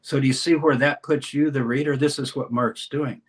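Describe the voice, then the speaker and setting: Animated man explaining scripture. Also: mid-range voice, normal speed. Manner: animated, reads scripture aloud with dramatic emphasis. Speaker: scholar and course teacher, guest. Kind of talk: explanatory interview talk.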